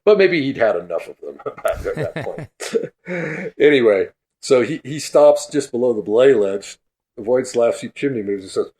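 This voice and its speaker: A man guesting on a podcast, telling an animated story and acting out the quoted voices, with laughter running through it. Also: mid-range voice, moderate pace. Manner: laughs through his stories; acts out quoted speech.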